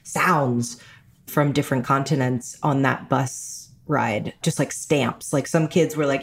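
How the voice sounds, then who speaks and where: A woman from New York with an American accent, chatting as an interview guest and telling animated stories. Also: rumbling low, a little slow. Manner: animated storyteller, slips into voices. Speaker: actor and guest. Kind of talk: casual interview chat.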